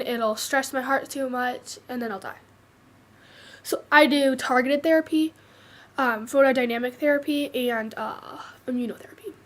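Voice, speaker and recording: A teenage girl telling her own cancer story in a hesitant, casual way, full of fillers and restarts. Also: high-pitched.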